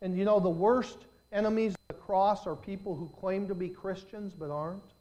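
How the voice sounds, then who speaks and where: A high-pitched man preaches from the pulpit, his voice climbing and swelling on key words before falling to quiet asides. He leans on phrases, slows down to stress them and talks straight to his congregation. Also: fairly even intonation, muffled recording. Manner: preaching with surges of volume and drawn-out emphasis. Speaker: pastor. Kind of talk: sermon.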